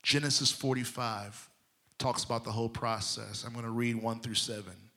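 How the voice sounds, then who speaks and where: A man preaching a sermon, moving between loud emphatic lines and hushed near-whispers, often checking in with his congregation. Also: mid-range voice, fairly even intonation, moderate pace, gravelly. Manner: addresses the congregation directly, checking in with them.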